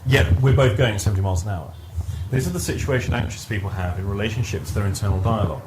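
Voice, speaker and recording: Speaking quickly in a lowish voice, a man leads a workshop for a live group in a training room. He teaches conversationally with anecdotes, often restarting sentences and repeating words, while background noise runs underneath.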